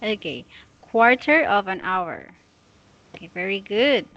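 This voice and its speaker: A woman tutoring English one-on-one, patiently and slowly correcting a student's pronunciation. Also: mid-range voice, very animated, fairly bright tone. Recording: dull lo-fi audio.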